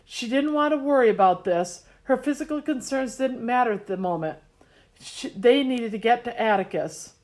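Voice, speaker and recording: A woman narrating a storybook in a measured, expressive reading style. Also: on the high side. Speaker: audiobook narrator. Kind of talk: scripted narration.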